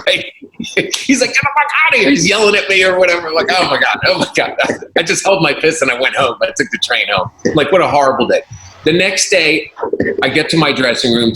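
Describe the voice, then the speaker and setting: Telling a story in relaxed conversation, this male comedian guest uses a mid-range voice and performs each character's quoted lines, staying animated and laughing a lot. There's roomy echo and a bit of faint noise in the recording.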